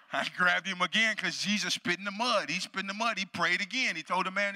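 A man preaching a sermon in a church, telling a story dramatically and swinging from loud shouts to hushed near-whispers. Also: high voice, normal speed, long pauses, big-room sound. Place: church sanctuary.

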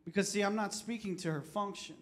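This pastor, a man whose voice sits notably high, speaks fairly quickly through a brief sermon to his flock. One moment he addresses them plainly, the next he's shouting fervent proclamations before dropping low, preaching and repeating himself to press the point.

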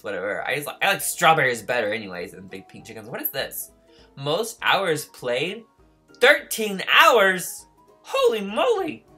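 A man giving excitable let's-play commentary, yelping and squealing in mock distress and teasing in a playful, childlike way. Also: a little high, husky. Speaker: gaming YouTuber.

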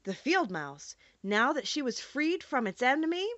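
Bright, lively woman narrating a storybook. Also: sits high, dry recording, lo-fi sound. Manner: expressive and measured. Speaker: audiobook narrator.

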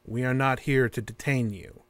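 An actor playing a calm, stiff male interrogator who speaks in flat, formal, repetitive phrases in an audio drama. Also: medium pitch, normal speed, no room sound, natural voice.

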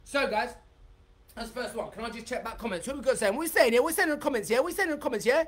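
A man leading a live-streamed dance tutorial, excitable and chatty, reading out viewer comments and breaking into high whoops. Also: rapid-fire, echoey room, far from the mic. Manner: bursts into high shouts and whoops. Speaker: dance workshop leader.

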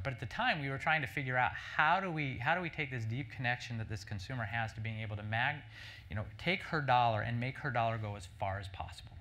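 A middle-aged man gives a keynote talk at a breakfast event, moving briskly through an anecdote. His voice is bright and forward, and his speech is full of quick restarts and "right?" checks to the audience. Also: mid-range voice. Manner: animated anecdote-telling with many restarts and "right?" asides. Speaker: marketing executive speaker. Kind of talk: conference keynote storytelling.

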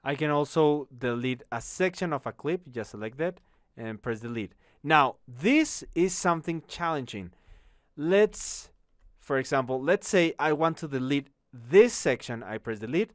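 A man teaching an online course, walking through a software tutorial in an upbeat, chatty way, often saying "okay?" after each step. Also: medium pitch, animated, a little slow, no room sound, clean studio sound. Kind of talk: screen-recorded software tutorial.

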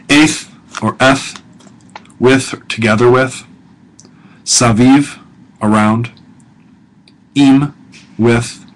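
A man teaching a language class as a professor, slow and deliberate, repeating words and explaining them. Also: fairly low pitch, a bit bright, poor audio. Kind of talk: recorded lecture.

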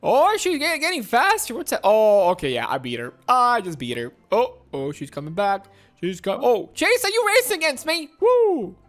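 A woman giving excitable, playful commentary on a video game, gasping and squealing at each moment. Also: mid-range voice, moderate pace, faint music behind. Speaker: gaming video host.

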